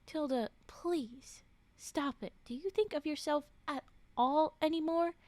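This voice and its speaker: A woman's voice: sits high, measured pace, a little mellow, dry recording. A woman voicing a blunt but concerned female professor who questions earnestly. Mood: pleading. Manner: probing, earnest.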